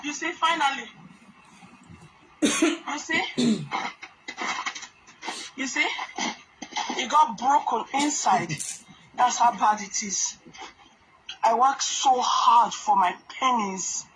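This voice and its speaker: A woman's voice: fairly high pitch, slow pace, long pauses. Aggrieved woman with a raised voice, venting and cursing outdoors, noisy phone audio. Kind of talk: venting to camera in a live video. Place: outdoors in the snow.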